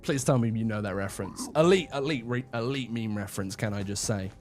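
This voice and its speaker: A man's voice: fairly low pitch, fairly quick, darkish tone, soft background music. A young man chatting casually on a livestream in a rambling, chatty, self-deprecating way.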